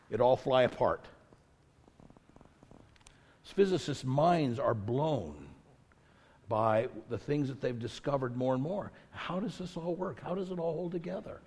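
A man's voice: a little high, lively intonation, takes it slowly, pauses often, a little mellow, breathy edge. A male pastor delivering a sermon, emphatic and repetitive as he builds to his points, in a church sanctuary. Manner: preaching with rising intensity, emphatic repetition. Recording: long reverb of a large hall.

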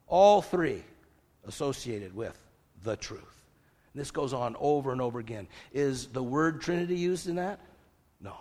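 An older man preaching a sermon, lively, asking rhetorical questions and quoting scripture. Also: medium pitch, normal speed. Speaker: pastor. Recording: long hall reverb.

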